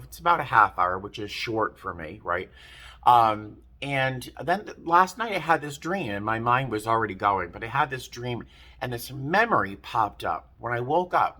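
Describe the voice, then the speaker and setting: Man, vlogger, rambling storyteller; bright tone, slightly low pitch. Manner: chatty, rambling, self-interrupting. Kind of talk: casual storytelling to camera.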